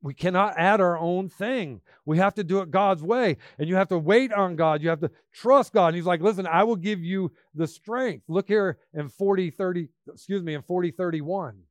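High-pitched guy preaching, punchy and emphatic, loud then soft, dry sound. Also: moderate pace, few pauses, no echo. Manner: emphatic, shifts between loud bursts and quiet asides. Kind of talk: sermon.

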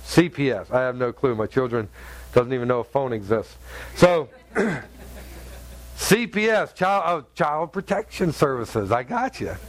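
A man's voice: mid-range voice, lively intonation, unhurried. A middle-aged man preaching a sermon, telling stories with humor and punchy sound effects. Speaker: pastor.

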